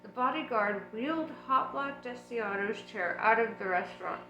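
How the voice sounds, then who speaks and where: A woman reading an audiobook aloud in an unhurried, relaxed way, with chatty asides. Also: mid-range voice, echoey room, muffled recording, soft background music. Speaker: audiobook reader.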